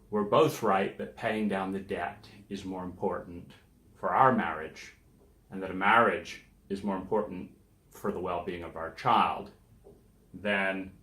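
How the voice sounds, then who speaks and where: In an echoey room, a podcast host delivers a reflective self-help monologue. His voice is low and fairly bright, with a measured pace, and he talks through examples conversationally and emphatically, acting out the people he quotes.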